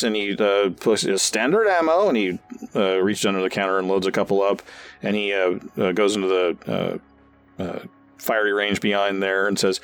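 A man's voice: lowish voice, a little fast, clean tone, soft background music. A man narrating a tabletop game as game master, rambling with many restarts.

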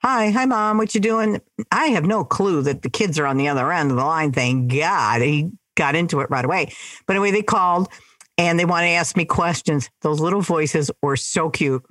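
A woman's voice: low-pitched, fairly quick, dry recording. A middle-aged woman, a mother, chatting casually on a podcast with her adult son, gushing and talkative. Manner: chatty, warm-hearted and gushing. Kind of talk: casual chat.

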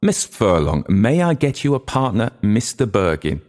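A man voicing a young woman who is a polite, hurried hostess arranging dance partners. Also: lowish voice, sing-song, a little mellow, voice pushed up. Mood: eager.

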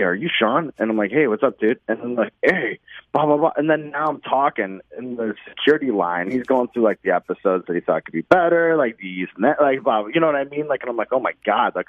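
A man's voice: lowish voice, no room sound. Chatty man on tinny phone-like audio. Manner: rambling storyteller, many likes and you-knows. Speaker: podcast guest, show host. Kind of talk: casual interview chat.

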